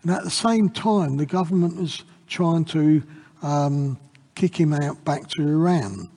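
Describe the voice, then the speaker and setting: A man giving an informal Bible reflection in an earnest, halting way. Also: a little high, mellow, breathy edge, long reverb tail.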